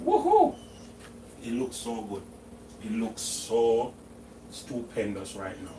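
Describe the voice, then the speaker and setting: A man's voice: on the low side, fairly even intonation, slow, background noise. A middle-aged Jamaican man chatting casually through a home cooking vlog in his kitchen, slipping into patois phrasing. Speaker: cooking vlogger.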